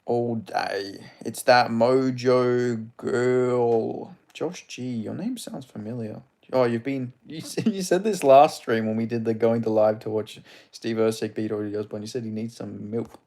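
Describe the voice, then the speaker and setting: A man's voice: medium pitch, unhurried, darkish tone. A man from Perth with an Australian accent, hosting a live stream in a rambling, crude, casual way while greeting chatters by name. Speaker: livestream host.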